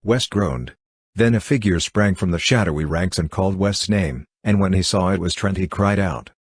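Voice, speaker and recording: Deep husky male audiobook narrator. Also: no echo. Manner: steady, measured reading of classic fiction. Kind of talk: scripted narration.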